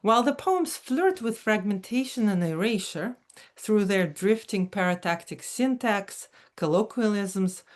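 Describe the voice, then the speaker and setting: A woman giving a prepared academic lecture, measured and careful, with occasional fillers and self-corrections. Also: mid-range voice, animated. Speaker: academic speaker.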